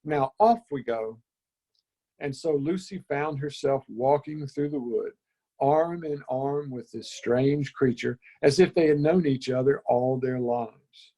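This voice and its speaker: A man reading a children's storybook aloud in an unhurried, gentle way. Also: medium pitch, fairly even intonation.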